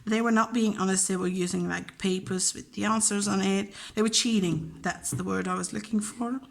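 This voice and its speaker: A woman's voice: mid-range voice, steady tone, moderate pace, gravelly. Chatty woman talking about teaching. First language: Dutch. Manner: chatty, emotional, acts out quoted dialogue. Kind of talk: casual chat.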